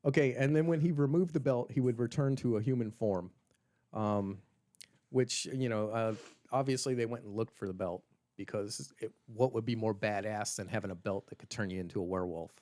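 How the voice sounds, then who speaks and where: A man co-hosting a podcast, wryly and irreverently retelling a dark story in casual chat. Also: on the low side, fairly quick. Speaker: podcast co-host.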